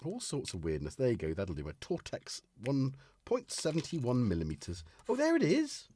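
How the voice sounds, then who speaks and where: A man's voice: lowish voice, very animated, moderate pace, dark tone. A man hosting a casual live stream from his home studio, chatting and laughing to himself as he hunts for things. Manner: rambling, chuckling, talking to himself while searching for things. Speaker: livestream host. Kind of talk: casual live-stream chat while playing gear. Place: home studio full of gear. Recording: music playing behind the voice.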